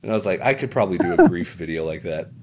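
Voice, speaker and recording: A man hosting a casual podcast chat, easygoing and quick to laugh, with lots of fillers. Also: low-pitched, lively intonation, background noise. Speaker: podcast host.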